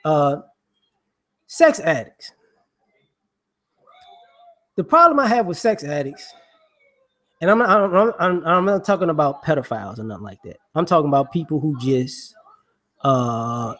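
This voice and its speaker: A man giving casual, rambling monologue commentary in slangy speech, filled with "you know" and quick acted-out voices. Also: a little high, sing-song, a bit bright. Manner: acts out people he mocks with quick voices.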